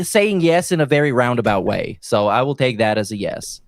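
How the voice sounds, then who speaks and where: A man's voice: mid-range voice, big pitch swings, moderate pace, few pauses. A man co-hosting a podcast, chatting casually and speculating bluntly. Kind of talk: casual chat.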